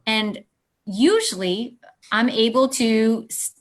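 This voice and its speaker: A woman's voice: on the high side, animated, takes it slowly. A woman, a parenting author and guest on an interview show, explaining her ideas and acting out little scenes between parent and child. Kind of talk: interview answers.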